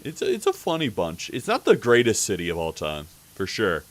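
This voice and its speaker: A man's voice: on the low side, wildly swooping pitch, a little fast. A man streaming live, telling a story in a rambling, casual way, with lots of fillers and swearing.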